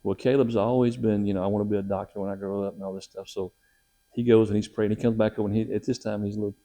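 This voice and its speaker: A middle-aged man casually telling his testimony as a missionary, animated and acting out the quotes in his story. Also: racing. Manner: animated, acts out quotes with raised pitch.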